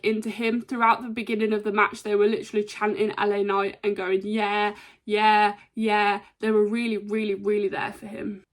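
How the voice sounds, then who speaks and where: A woman casually recapping a wrestling show, chatty with lots of ums and quick impressions. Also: medium pitch. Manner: chatty, frequent ums, brief imitations of wrestlers.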